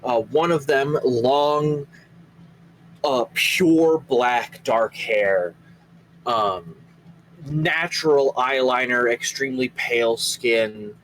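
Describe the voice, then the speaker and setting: A young man narrating as game master, describing scenes in an unhurried way, with many fillers. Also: medium pitch, a bit bright, a little hiss or hum, poor audio.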